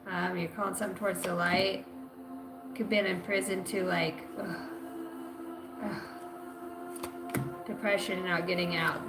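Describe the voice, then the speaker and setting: A woman's voice: lowish voice, level tone, unhurried, vocal fry, long pauses. A woman giving a loose, rambling spiritual reading on a live stream, slangy and full of swearing. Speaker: spiritual reader. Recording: echoey room with music behind.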